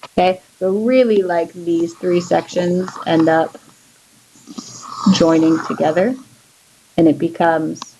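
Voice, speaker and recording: A woman teaches history in a loose, conversational way. Her voice sits a little low for a woman, and she talks through the lesson with plenty of fillers while she sketches on a page. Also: steady tone, takes it slowly, pauses often, noisy background. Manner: chatty, drawing as she explains, many fillers. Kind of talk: casual classroom lecture.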